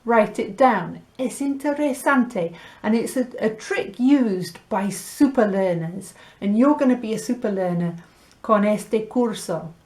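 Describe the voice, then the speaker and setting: Brief: woman language teacher, slow and deliberate delivery, mid-range voice, mixes Spanish into English. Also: mid-range voice, expressive, darkish tone. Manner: slow, clear pronunciation drills with light laughs. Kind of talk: recorded language lesson.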